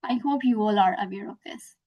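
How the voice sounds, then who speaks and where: A woman's voice: mid-range voice, fairly quick, lo-fi sound. A young woman teaching an online lesson, explaining patiently with many examples. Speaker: English teacher.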